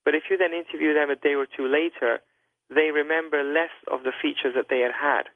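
A man, a guest doctor on a call-in radio show, explaining in a measured, hedging way with many fillers. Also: fairly high pitch, fairly even intonation, no echo. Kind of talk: careful explanatory talk over a phone line. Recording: tinny dry phone line.

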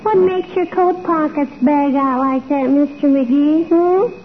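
A curious little girl, bright-eyed and precocious, always asking why. The voice is very high and drawn out slowly. It comes through a tinny old radio recording with faint hiss. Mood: eager. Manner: eager, questioning, precocious. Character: curious chatty little girl, full of questions. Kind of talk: 1940s radio comedy acting.

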